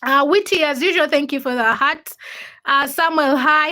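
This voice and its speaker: A woman's voice: high-pitched, moderate pace, bright, forceful tone. A young woman hosting a livestream, chatting casually, laughing often and greeting viewers by name as she tells stories. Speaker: livestream host.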